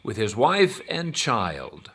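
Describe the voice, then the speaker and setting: A man reporting a news feature in scripted narration with a wry, measured delivery. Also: medium pitch, wildly swooping pitch, sharp tone.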